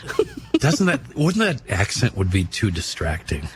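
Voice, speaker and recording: A man with a lowish voice co-hosting a casual talk show, spinning rambling, wry anecdotes and stumbling over his words now and then. A faint hum of room ambience sits behind him. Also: huge pitch swings, measured pace. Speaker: radio co-host. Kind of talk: casual chat.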